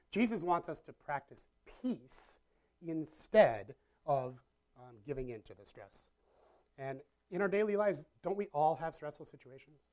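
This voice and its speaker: Chatty preacher talking to a live audience. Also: mid-range voice. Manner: chatty, self-deprecating, asks the audience questions. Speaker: pastor. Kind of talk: casual conversational sermon. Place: church or meeting room with a live audience.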